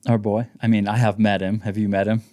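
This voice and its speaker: A man co-hosting a casual running podcast, an animated storyteller who jokes with his partner. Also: lowish voice, fast. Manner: animated storyteller, does voices in anecdotes. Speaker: podcast co-host. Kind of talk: casual chat.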